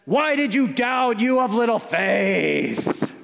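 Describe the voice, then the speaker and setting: A pastor acting out a loud, heroic man who scolds theatrically and draws out his words. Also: extremely high pitch, sing-song, vocal fry, voice pushed up, full character voice. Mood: scolding. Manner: loud, theatrical, drawn-out delivery. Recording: long church reverb.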